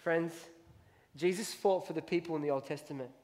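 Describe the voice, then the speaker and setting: A man's voice: on the high side, brisk, darkish tone. A man preaching a sermon, emphatic, reading scripture aloud and repeating key lines.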